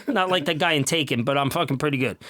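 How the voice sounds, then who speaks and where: A man co-hosting a podcast in a studio, loud and joking, with lots of swearing. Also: fairly high pitch, fast talker. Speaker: podcast co-host. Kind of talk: rowdy casual chat.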